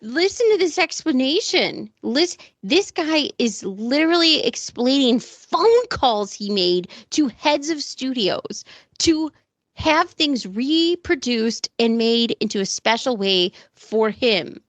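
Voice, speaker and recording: A woman's voice: high voice, lively intonation, slow pace, dry recording. A woman co-hosting a casual podcast, talking in an emphatic, exasperated way. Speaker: podcast co-host.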